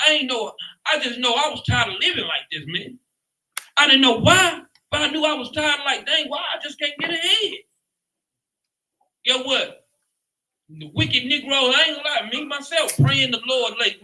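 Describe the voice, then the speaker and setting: A man's voice: extremely high pitch, animated, fairly quick, sharp tone, poor audio. A man leading a Bible class in an emphatic preaching style, often asking "guess what" and ending lines with "man". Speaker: lead teacher.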